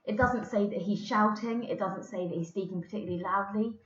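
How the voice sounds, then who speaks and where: A woman's voice: medium pitch, fairly quick, fairly bright tone. A woman English teacher giving a recorded lesson, explaining patiently with the odd filler. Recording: roomy, dull lo-fi recording.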